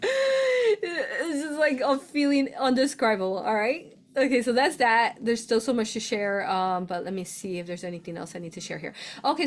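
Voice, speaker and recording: A woman hosts a casual spiritual livestream at an ordinary mid pitch. She talks in eager, emotional bursts, keeps turning to her viewers, and laughs often as she goes. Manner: excited and emotional, repeats "you all", laughs often. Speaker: spiritual channel host.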